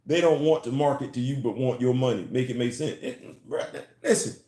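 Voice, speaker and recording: A man's voice: mid-range voice, moderate pace, warm tone, roomy sound. A man giving a casual, emphatic opinion vlog on comics and culture, repeating his phrases to drive points home.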